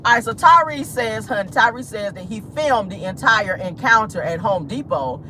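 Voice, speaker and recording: A woman's voice: on the high side, lively intonation, normal speed, background noise. A woman hosting a celebrity gossip show in casual, sassy commentary full of slang and laughter, talking from a car.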